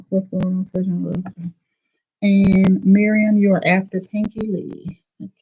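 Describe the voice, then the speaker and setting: A woman's voice: medium pitch, level tone, moderate pace, lo-fi sound, faint music behind. A woman with a Southern US accent giving a live oracle card reading in a casual, chatty way, full of fillers. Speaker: tarot reader.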